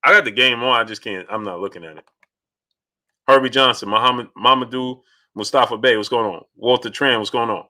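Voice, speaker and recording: A man's voice: medium pitch, fairly quick. A man hosting a casual live stream about boxing, arguing his points with energy while greeting viewers by name and reading their super chats. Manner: animated, greets viewers by name mid-argument.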